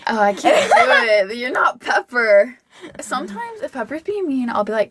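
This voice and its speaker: A woman's voice: sits high, big pitch swings, normal speed, over a noisy crowd. A young woman co-hosting a casual chat podcast, giggly and playful. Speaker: podcast co-host.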